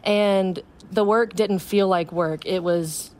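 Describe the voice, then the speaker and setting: A woman's voice: mid-range voice, slow, darkish tone. A young woman, a student actress, talking as a guest on a radio interview. She speaks in a bubbly, earnest way and laughs often.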